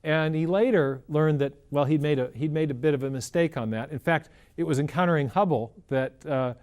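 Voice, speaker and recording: A man's voice: a little high, brisk, darkish tone. A man answering as an interview guest, explaining in an earnest, methodical way and often restarting his sentences. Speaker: guest scientist.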